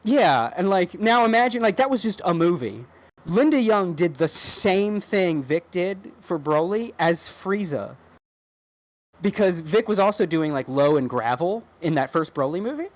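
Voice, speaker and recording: A woman co-hosting a podcast in casual chat, rambling and animated, with many restarts and swearing. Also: on the low side, a little slow, dry recording. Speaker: podcast co-host.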